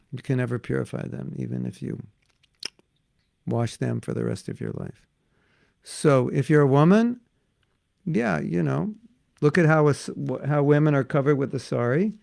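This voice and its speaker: Older man teaching, gravelly voice. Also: on the high side, no room sound. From United States. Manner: chatty, answers questions from the audience; breaks into chanted prayers. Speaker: spiritual teacher. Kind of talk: informal devotional class.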